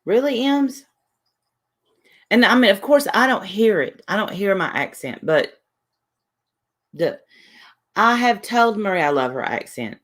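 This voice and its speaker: A woman's voice: mid-range voice, expressive, measured pace, pauses often. A woman, chatting casually on a livestream, rambling defensively and reading viewers' messages aloud. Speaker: livestream host.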